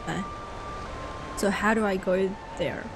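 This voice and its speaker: A young Australian woman talks casually with her viewers during a game stream, replying to chat between moves in her Australian accent. Her voice is mid-range and her pace measured, over a noisy background.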